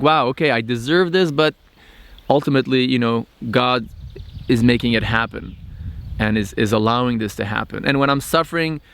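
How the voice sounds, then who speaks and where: A man hosting a spiritual vlog, talking thoughtfully with frequent pauses and restarts. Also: mid-range voice, gravelly, fairly bright tone. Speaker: channel host. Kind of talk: reflective spiritual vlog monologue.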